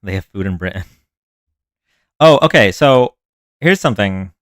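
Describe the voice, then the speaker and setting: A man's voice: lowish voice, expressive, unhurried, a bit bright, dry recording. A man hosting a live stream in a casual, rambling way, chatting with viewers and reacting to their comments. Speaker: livestream host. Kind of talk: casual livestream chat.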